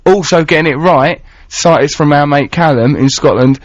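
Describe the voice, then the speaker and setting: A man's voice: fairly high pitch, moderate pace, no echo. A man hosting a radio show, rambling playfully in casual chat and reading out listener texts. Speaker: radio host. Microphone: studio microphone. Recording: dull lo-fi radio broadcast.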